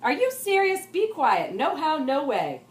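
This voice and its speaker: A woman voicing a loud, proud little girl, shouting and dramatic in a storybook reading. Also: high voice, sing-song, unhurried, pitched above the performer's own voice. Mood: shouting sassy. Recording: roomy echo.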